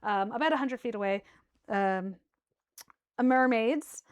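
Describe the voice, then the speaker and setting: A woman's voice: a little high, measured pace. A woman narrating a tabletop game as dungeon master, chatty and full of fillers and giggles.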